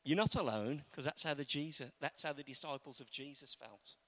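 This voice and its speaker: A man with a rather high, slightly bright voice preaches at a brisk pace. His sermon feels conversational as he poses questions to the congregation and acts out quotes.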